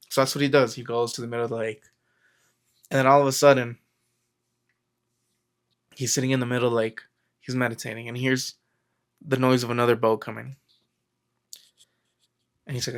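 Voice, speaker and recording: A man's voice: medium pitch, flat delivery, brisk, long pauses. A man talking casually to camera about mindset, rambling and storytelling with lots of fillers and acted-out quotes. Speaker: self-help vlogger. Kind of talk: casual motivational talk to camera.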